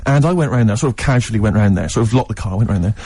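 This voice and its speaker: A man in a radio studio tells a meandering story at a quick clip, his voice dark and mellow. The sound is dry and close, with the rambling pace of casual chat between co-hosts. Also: on the low side, animated, breathy edge, dry recording. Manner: rambling storyteller, acts out other people's lines. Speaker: radio co-host.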